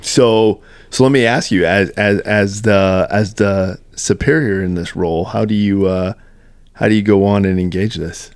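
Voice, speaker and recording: A man's voice: lowish voice, fairly even intonation, normal speed, no echo. A man co-hosting a podcast, laid-back, mostly giving short agreeing replies. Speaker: podcast co-host. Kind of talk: casual chat.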